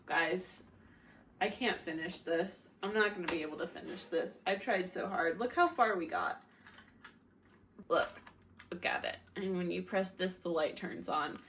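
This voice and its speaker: A woman's voice: lowish voice, a little slow, long pauses, fairly bright tone, slight background noise. A young American woman, audibly drunk, rambles through a casual vlog. She swears freely, laughs at her own stories and mocks herself while she talks. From United States. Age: young adult. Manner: rambling, laughing, crude and self-mocking. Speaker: vlogger.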